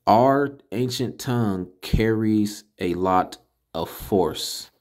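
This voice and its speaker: Guy running a class, slow and kinda low voice, sounds words out syllable by syllable, pushy about getting it right. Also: animated, a little mellow. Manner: emphatic and corrective. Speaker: teacher of a religious language class. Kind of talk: casual spoken lesson.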